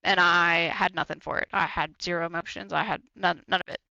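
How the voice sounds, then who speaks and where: A man's voice: high voice, fairly even intonation, fairly quick, gravelly, pushed and bright, dry recording, dull audio. A man co-hosting a podcast, talking candidly and bluntly, swearing freely and repeating himself for emphasis. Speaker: podcast co-host. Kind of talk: candid casual chat.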